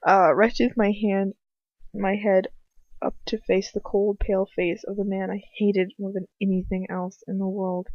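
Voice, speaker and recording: A woman's voice: medium pitch, little pitch movement, measured pace, no room sound. A woman reading fan fiction aloud in first person, in an earnest way with occasional slips and restarts. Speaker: audiobook reader. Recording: dull lo-fi home recording.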